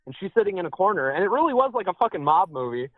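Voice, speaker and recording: A man calling in to a radio show over the phone, telling a story in a casual, animated way. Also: racing, no echo. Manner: animated, high-pitched, jumps up when quoting himself. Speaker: phone-in caller. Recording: tinny phone line.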